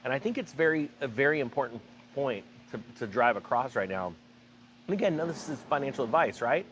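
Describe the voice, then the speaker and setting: A man's voice: medium pitch, animated, brisk, a bit bright, slight background noise. A man hosting a finance commentary vlog, talking emphatically and sarcastically with rambling asides. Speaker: finance channel host.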